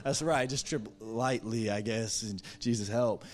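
A man's voice: lowish voice, unhurried. A man with a Texan accent preaching a sermon in a church, telling a story with quoted dialogue and then leading an earnest altar call. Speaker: pastor. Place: church sanctuary.

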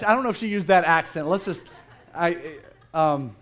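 A middle-aged man preaching a sermon in a church, playful and animated, acting out the people he quotes. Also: on the high side, normal speed. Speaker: pastor. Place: church sanctuary.

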